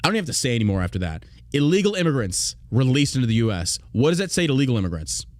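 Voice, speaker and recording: A man's voice: medium pitch, big pitch swings, fast talker, no room sound, studio quality. A man hosting a political podcast, reading news aloud and ranting in a heated, profane way. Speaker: podcast host.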